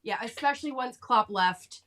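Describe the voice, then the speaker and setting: A woman co-hosting a football podcast, giving measured, opinionated views in casual chat. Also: a little high, over a noisy crowd. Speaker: podcast co-host.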